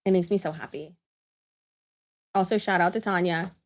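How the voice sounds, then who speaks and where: A woman's voice: fairly low pitch, steady tone, normal speed. A woman, chatting casually on a live stream with lots of asides, fillers and laughter. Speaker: vlogger.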